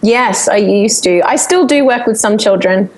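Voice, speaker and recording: An Australian woman, a singer and vocal coach, telling stories in a chatty, animated way during a casual interview. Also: medium pitch, normal speed, poor audio. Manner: chatty, animated storytelling with frequent laughter.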